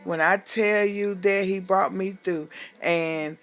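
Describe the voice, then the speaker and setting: A woman's voice: medium pitch, steady tone, takes it slowly, soft background music. Woman, minister, emotional testimony, fervent, preachy, fighting tears, says honey. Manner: calls the listener "honey", exclaims hallelujah.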